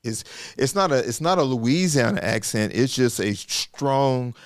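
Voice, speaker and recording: A middle-aged man tells stories in a folksy, animated manner, often acting out bits of dialogue. His voice sits at a medium pitch, and the recording is dry and close, with no room sound. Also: a little slow, dry recording. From Arkansas, US. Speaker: podcast host and guest speaker. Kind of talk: casual storytelling conversation.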